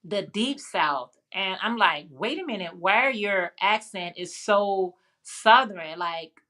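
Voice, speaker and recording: A woman's voice: mid-range voice, lively intonation, takes it slowly, sharp tone. A woman from Chicago hosting a casual live stream, chatting with viewers, reading their comments aloud and laughing often. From Chicago, United States. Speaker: livestream host.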